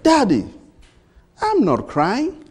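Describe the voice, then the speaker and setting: A man's voice: extremely high pitch, wildly swooping pitch, slow, darkish tone, husky, voice pushed up, full character voice. A man doing a little girl's innocent voice. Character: four-year-old girl, mischievous.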